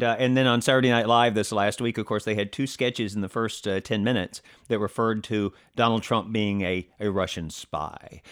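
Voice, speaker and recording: A man co-hosting a political commentary podcast, talking in a halting way with many fillers and restarts and a sarcastic edge. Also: on the low side. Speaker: podcast co-host.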